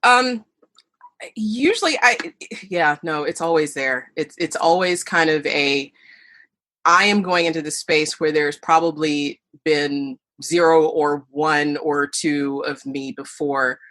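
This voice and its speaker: A woman's voice: low voice, slow pace. A middle-aged woman, a podcast guest and burlesque performer, telling stories in an interview and acting out the voices of people she quotes. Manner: animated storyteller, acts out quoted voices. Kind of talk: storytelling interview answers.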